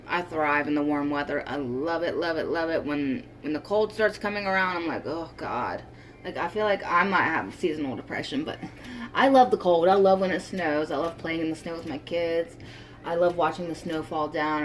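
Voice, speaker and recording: A young woman chatting casually in a vlog, her voice sitting a little low for a woman. She rambles, circles back and fills gaps with ums and likes. A faint background noise runs under the recording. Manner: chatty, rambling, with many fillers and restarts. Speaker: vlogger.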